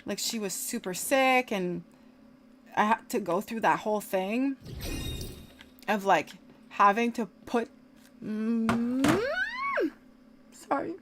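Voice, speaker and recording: A woman's voice: mid-range voice, unhurried, long pauses, over music. A woman livestreamer chatting casually while gaming, rambling and filling her talk with "like". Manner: rambling, heavy use of "like" fillers.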